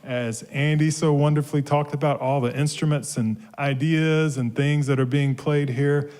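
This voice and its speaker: A man's voice: fairly high pitch, steady tone, moderate pace, darkish tone. A man from Georgia, a minister, telling a children's story in a service and playfully asking the children questions.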